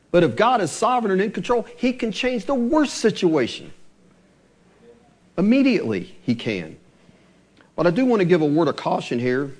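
A middle-aged man preaching a sermon as pastor, animated and asking his listeners rhetorical questions. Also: fairly high pitch.

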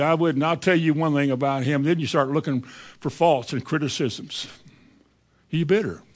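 A man's voice: medium pitch, breathy edge. A man preaching a sermon in a plainspoken way, often acting out bitter people's words. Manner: plainspoken, acts out bitter voices in quotes.

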